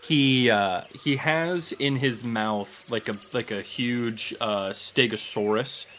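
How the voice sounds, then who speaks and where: A man narrating a tabletop game as game master, casual and halting, with frequent fillers. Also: medium pitch, a bit bright, a little hiss or hum.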